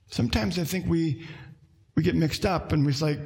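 A man preaching a sermon as a pastor, with animated delivery that climbs into emphatic bursts and asides to the congregation. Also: on the high side, moderate pace, vocal fry.

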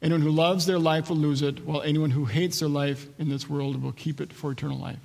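A man's voice: fairly high pitch, level tone, fairly quick, gravelly, darkish tone, in a large hall. A man preaching a sermon as pastor, reading scripture aloud and explaining it verse by verse. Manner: expository preaching, acts out quoted voices.

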